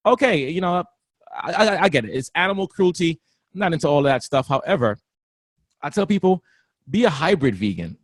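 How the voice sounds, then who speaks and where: Man, upbeat guest, swinging pitch, dry close sound, bursts of laughter. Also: fairly quick, breathy edge, no room sound. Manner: animated and laughing, acts out other voices. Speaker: guest, personal trainer. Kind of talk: casual interview talk.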